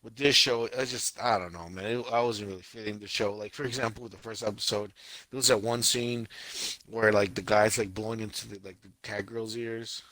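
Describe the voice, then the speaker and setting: A man co-hosting a casual podcast, retelling scenes in an animated, exaggerated way with lots of restarts and filler words. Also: on the low side, a little fast, no room sound, rough recording. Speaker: podcast co-host. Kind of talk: casual chat about anime.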